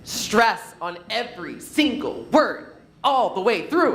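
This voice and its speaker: A man presenting a storytelling workshop, playful and animated, joking with his audience. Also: high-pitched, takes it slowly, roomy sound, rough recording. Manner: playful, animated teacher who jokes with the audience. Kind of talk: live storytelling workshop talk. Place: conference hall.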